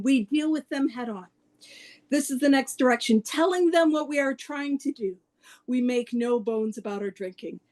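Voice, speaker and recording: A woman talking casually about recovery to a meeting, laughing often and poking fun at herself. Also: high-pitched. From Canada. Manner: laughs often, animated and self-mocking. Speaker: speaker at a twelve-step study meeting.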